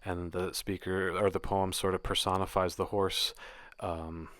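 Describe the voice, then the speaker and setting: A man giving a casual spoken poetry lesson, explaining in a relaxed way with occasional fillers. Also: deep voice, a little slow, no echo. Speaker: poetry teacher.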